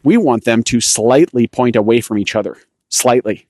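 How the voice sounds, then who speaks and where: A man's voice: medium pitch, moderate pace, darkish tone, dry recording. A man hosting a cycling coaching podcast, explaining technique in a loose, self-correcting way while walking a rocky trail outdoors. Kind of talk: instructional podcast monologue.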